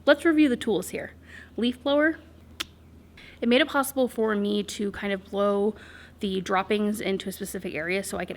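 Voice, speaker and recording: A woman's voice: mid-range voice, creaky. A young woman vlogging outdoors on her farm, talking casually with lots of fillers. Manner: chatty, rambling with fillers. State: out of breath. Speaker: homesteader vlogger. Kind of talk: casual outdoor vlog narration.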